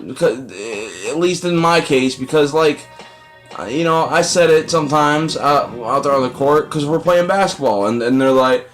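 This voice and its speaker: A man's voice: fairly high pitch, animated, moderate pace, soft background music. A young man giving casual, rambling gameplay commentary, profane and self-deprecating. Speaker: let's play gamer.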